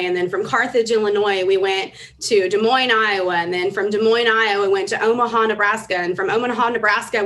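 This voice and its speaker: A woman's voice: medium pitch, a bit bright. A woman in her thirties speaking on a convention stage, emotional and earnest, building to urgent calls for commitment. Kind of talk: motivational stage speech. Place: large convention hall.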